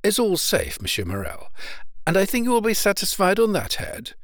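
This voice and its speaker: A man doing a calm, resolute young sailor. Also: high voice, normal speed, no room sound, voice pushed up, heavily acted. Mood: grave. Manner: steady, grave and respectful.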